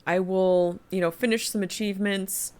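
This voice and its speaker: A middle-aged woman chatting through a game on a live stream. She thinks aloud, rambles a little and reads the quest text out loud. Her voice sits at an ordinary middle pitch. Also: fairly even intonation, moderate pace. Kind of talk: casual live-stream commentary.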